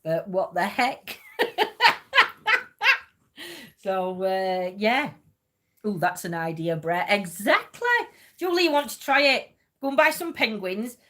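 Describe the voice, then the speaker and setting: A woman's voice: mid-range voice, expressive, takes it slowly, pauses often, a bit bright. A woman hosting a livestream, chatting in a rambling way and laughing often. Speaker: livestream host. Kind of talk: casual chat.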